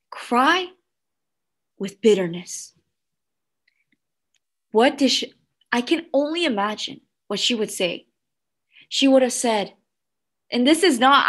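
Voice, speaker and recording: A woman children's pastor preaching to kids, animated and asking the room questions. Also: high-pitched. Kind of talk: children's sermon.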